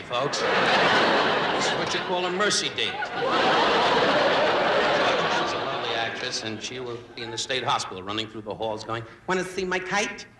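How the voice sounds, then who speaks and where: A middle-aged man delivering rapid-fire insult jokes with mock tenderness at a celebrity roast. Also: medium pitch. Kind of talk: stand-up roast. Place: large banquet stage. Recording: echoey stage with loud audience noise.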